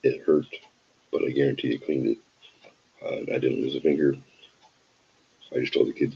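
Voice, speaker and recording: A man's voice: a bass voice, fairly even intonation, normal speed, long pauses, slightly rough, lo-fi sound. A tired man hosting a show, telling a rambling, wry, self-deprecating anecdote full of digressions. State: tired from an early start. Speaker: show host. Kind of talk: casual anecdote storytelling.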